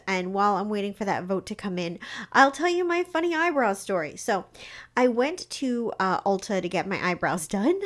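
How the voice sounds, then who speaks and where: A young woman hosting a live stream, rambling casually with lots of fillers and acting out quoted lines. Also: mid-range voice. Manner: chatty, rambling, lots of "like" and restarts; acts out quoted lines in her stories. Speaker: psychic livestream host.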